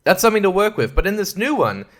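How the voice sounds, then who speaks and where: A young man hosts a podcast and rambles through a casual film review monologue, sarcastic, laughing often and doing mocking voices. He talks fast in a high-pitched, sing-song voice that's a bit bright.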